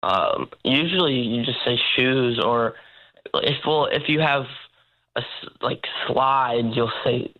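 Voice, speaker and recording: A teenager called in on air, answering slowly and hesitantly. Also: medium pitch. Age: teens. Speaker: caller, host's son. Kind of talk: phone call on air. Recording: dull phone line.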